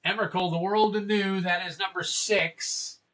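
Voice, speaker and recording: This man hosts a casual card-opening livestream and speaks in a fairly high register. His voice is bright and forward. He rambles easily to his viewers and reads card names and prices aloud along the way. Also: steady tone, measured pace.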